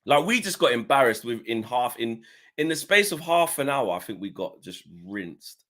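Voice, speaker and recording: A man chatting on a football fan stream, slangy and excitable. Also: mid-range voice, moderate pace. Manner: animated and slangy. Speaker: football fan show panelist. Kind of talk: casual fan chat.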